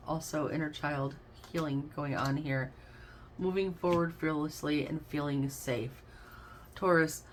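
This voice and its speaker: Low-voiced woman reading tarot cards. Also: a little hiss or hum. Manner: chatty and effusive, addresses listeners as babes and y'all. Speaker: tarot card reader.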